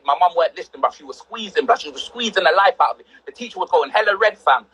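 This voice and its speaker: A young man, telling animated stories on a livestream, full of street slang and acted-out quotes. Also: high voice, quick pace, few pauses, breathy edge, poor audio. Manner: slang-heavy, excitable, acts out quotes. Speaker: livestream host.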